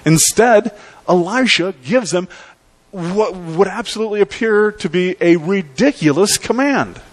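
A male pastor preaching a sermon in a conversational, emphatic way, with dramatic pauses. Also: high-pitched, animated.

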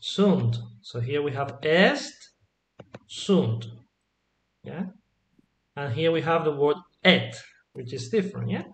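A man's voice: a little high, expressive, takes it slowly, pauses often. A man teaching Latin to a small group, patiently asking questions and checking that they follow. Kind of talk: online group lesson.

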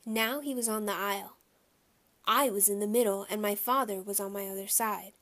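A woman reading a children's chapter book aloud, telling the story in a clear, lively way. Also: mid-range voice, moderate pace. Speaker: audiobook reader.

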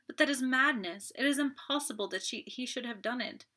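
Woman reading a distraught young French girl for an audiobook, high and pleading, bright tone. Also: brisk. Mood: despairing. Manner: pleading, emotional.

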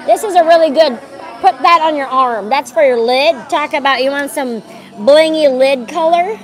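A woman's voice: sits high, moderate pace. A woman hosting a casual live stream, chatty and effusive, often saying "like" and "girl". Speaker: livestream host. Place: busy outdoor waterfront venue. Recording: music and crowd noise behind.

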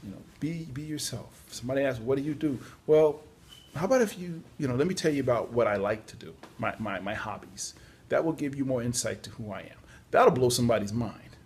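A man's voice: mid-range voice, expressive, fairly quick, a little mellow, slightly rough. A tired man giving casual, chatty job-search advice, yawning at times and adding apologetic asides. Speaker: podcast host on job search. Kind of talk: casual spoken advice talk.

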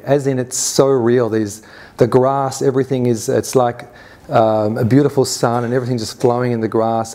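A man's voice: mid-range voice, mellow. Earnest man telling a personal story on stage. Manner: earnest, recounts events in present tense with inner quotes; frequent restarts and fillers, conversational. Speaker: conference speaker. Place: summit stage before an audience.

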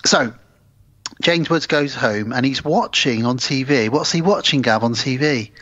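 A man co-hosting a casual film podcast, retelling film scenes with lively character voices. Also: medium pitch, unhurried, no room sound. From United Kingdom. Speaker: podcast co-host. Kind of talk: casual film-review chat. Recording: slightly dull, dry podcast audio.

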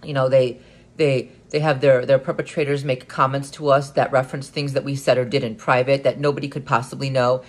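A man with an ordinary mid-pitched voice delivers a solo vlog monologue. He speaks earnestly but haltingly, repeating words as he restarts his thoughts. His delivery builds into firmer emphasis. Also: little pitch movement. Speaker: vlogger.

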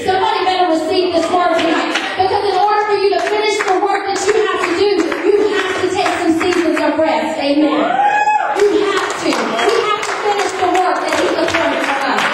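A middle-aged woman preaching a revival sermon, telling funny stories and calling for amens from the congregation. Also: very high voice. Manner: humorous, emphatic, asks the crowd for amens. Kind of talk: storytelling sermon with call and response. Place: large church sanctuary. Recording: very echoey hall, distant mic.

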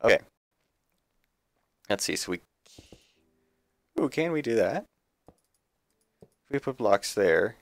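A man's voice: fairly low pitch, sing-song, slow pace, gravelly, pauses often, dry recording. A man streaming a building game live, thinking aloud in a chatty, self-correcting way. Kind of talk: live gameplay commentary.

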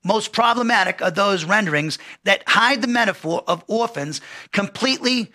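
A man's voice: high voice, lively intonation, moderate pace, sharp tone. A middle-aged man teaching an expository Bible lesson in a conversational way, often restarting phrases and reading quotes aloud.

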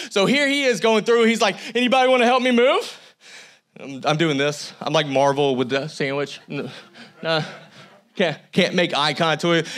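A man's voice: high-pitched, bright, forceful tone. A man preaching a sermon as a church pastor, conversational with humorous asides. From United States. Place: church sanctuary.

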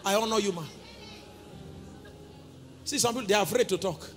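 A man with a Nigerian accent preaching a sermon as pastor, calling out to the congregation and breaking into sung and shouted phrases. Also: high-pitched, fairly quick, slight background noise. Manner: call-and-response preaching, sings and shouts phrases. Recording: reverberant church hall with music.

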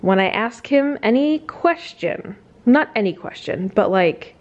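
A woman's voice: a little high, lively intonation, a little slow, highs cut off. A woman vlogging casually at home into a handheld camera, talking in a chatty way full of fillers and speaking fondly to her dog. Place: at home, indoors.

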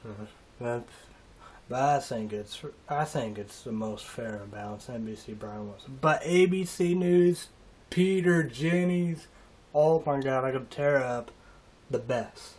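A man rambling through a halting, emotional monologue in a casual vlog, trailing off and restarting often. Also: mid-range voice, darkish tone. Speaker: vlogger.

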